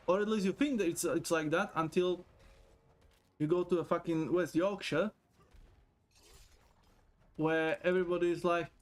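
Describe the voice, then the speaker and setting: Male streamer, slightly high-pitched, chatty, jokey and foul-mouthed. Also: fairly even intonation, moderate pace, pauses often. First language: not English. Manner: chatty, profane, joking, reads chat aloud. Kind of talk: casual gaming stream chat.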